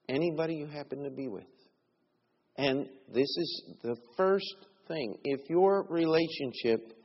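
A middle-aged man preaching a sermon, telling stories and moving between quiet asides and raised emphasis. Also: mid-range voice. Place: church sanctuary. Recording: dull recording in a reverberant church.

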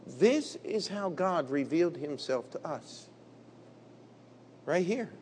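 A man preaching a sermon in a blunt, combative way, dropping to low murmurs and rising to loud emphatic bursts. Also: expressive, slow pace, slight background noise. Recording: long hall reverb.

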